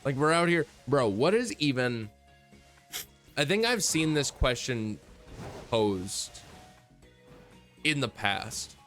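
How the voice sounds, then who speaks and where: A man's voice: medium pitch, very animated, slow, long pauses, a bit bright, soft background music. A man chatting casually on a stream, rambling and laid-back and swearing freely.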